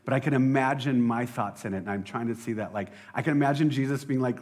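A man preaching a casual sermon as a pastor, excitable and rambling, often laughing at himself. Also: mid-range voice, quick pace, few pauses. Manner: excitable, rambling, self-deprecating.

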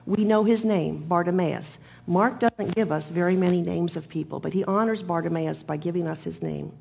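A woman preacher delivering a sermon in a measured, emphatic manner, leaning on repeated phrases and a gravelly voice. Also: fairly low pitch, darkish tone, a little hiss or hum.

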